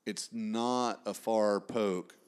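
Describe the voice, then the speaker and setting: A man's voice: on the low side, steady tone, extremely slow, smooth. A man hosting a casual chat, easygoing and asking follow-up questions.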